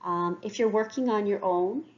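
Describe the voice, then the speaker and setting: A woman's voice: mid-range voice, moderate pace, muffled recording. A woman teaching a beginner language lesson, patiently repeating each phrase for learners to copy. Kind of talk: slow, clear language lesson with repeated drills.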